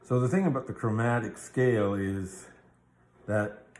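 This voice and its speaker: A man's voice: fairly low pitch, unhurried, darkish tone, reverberant. A man teaching a guitar theory lesson, explaining patiently step by step and checking in with the listener. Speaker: music teacher.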